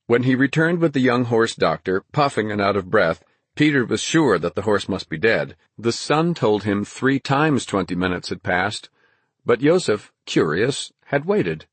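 A man narrates a storybook at a measured, even pace. His voice sits low with a husky grain. The recording is dry and close. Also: dry recording. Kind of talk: audiobook narration.

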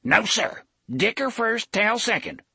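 A man's voice: sits high, big pitch swings, measured pace, gravelly, bright, forceful tone, breathy edge, dry recording, pitched above the performer's own voice, exaggerated voice. A man voicing a drunken, beaten old barfly who whines and cackles as he begs for a drink. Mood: greedy. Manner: cackling, whining, pleading.

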